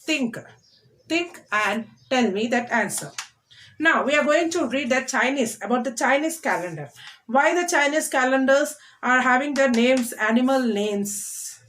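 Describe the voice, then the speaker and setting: High-voiced Indian English woman teacher. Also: a bit bright. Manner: repetitive, coaxing, keeps addressing the children with questions; drills words in a sing-song call-and-response. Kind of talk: recorded online class lesson.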